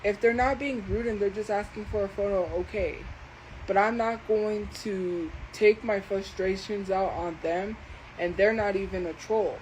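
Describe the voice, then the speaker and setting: A woman livestreamer talking slowly and deliberately as she defends herself against commenters in her chat. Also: medium pitch, steady tone, darkish tone, a little hiss or hum, rough recording. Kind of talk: live stream talking to chat.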